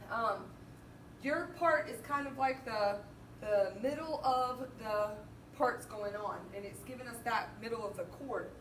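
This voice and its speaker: High-voiced band teacher counting beats aloud. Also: female voice, a bit bright. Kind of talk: music lesson walkthrough. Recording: roomy, distant mic, faint noise.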